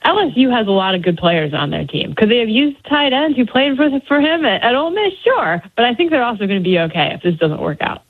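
A woman sports reporter calling in to a news show, explaining the story briskly. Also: fairly high pitch, expressive. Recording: tinny phone line.

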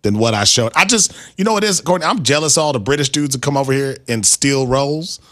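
Male sports radio host, bright voice, halting self-mocking chatter. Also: medium pitch, expressive. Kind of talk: casual sports radio chat.

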